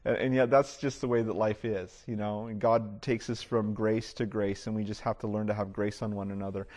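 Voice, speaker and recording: A man's voice: fairly low pitch, little pitch movement, fairly quick, a little mellow. A middle-aged man preaching a sermon to his congregation. He talks casually, with many "you know" fillers and restarts. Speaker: pastor. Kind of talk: conversational sermon.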